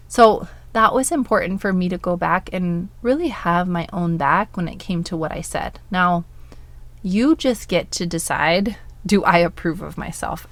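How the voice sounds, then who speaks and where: A woman hosting a coaching podcast, talking casually with many "like"s and walking through calming self-talk. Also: fairly low pitch. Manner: casual, says "like" often, self-soothing affirmations. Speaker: podcast host and life coach.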